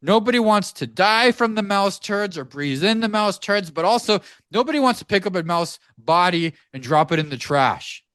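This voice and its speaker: A man co-hosting a podcast, telling a story in an animated, profane ranting way from a home studio. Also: high-pitched, moderate pace, few pauses, dry recording. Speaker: podcast co-host. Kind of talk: casual podcast chat.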